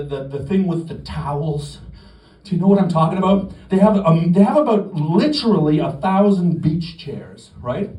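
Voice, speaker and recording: A middle-aged Canadian comic works a comedy club stage, telling a profane story laced with mock bravado. He speaks at a moderate pace in an animated, fairly high voice with a dark tone. Laughter from the crowd fills the background of this roomy live recording, picked up at a distance by the stage mic.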